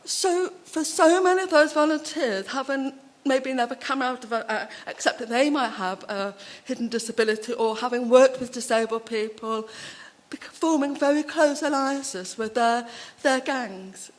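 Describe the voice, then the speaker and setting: A woman speaking at a conference, telling personal anecdotes in a chatty, animated way with many asides. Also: sits high, normal speed.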